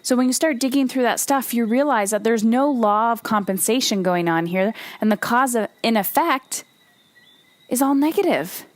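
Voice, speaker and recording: A woman's voice: fairly high pitch, normal speed, dry recording. A woman hosting a solo motivational podcast, talking emphatically and bluntly, with some swearing and repeated phrases for emphasis. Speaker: podcast host and coach.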